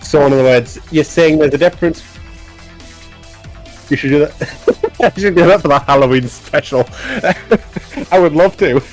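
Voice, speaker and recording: A man, a game developer and amateur voice actor, chatting casually on a stream, animated and self-deprecating, laughing often. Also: on the high side, normal speed, long pauses, soft background music.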